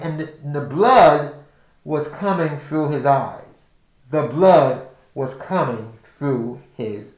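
Older guy telling a story, rambly, keeps restarting, sounds roomy. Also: a little high. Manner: rambling, with frequent restarts and repeated words. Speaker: podcast storyteller. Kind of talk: casual spoken storytelling. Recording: roomy echo.

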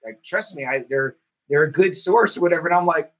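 A man hosting a casual podcast chat, lively and often acting out scenes in quoted voices. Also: a little high, brisk, dull audio.

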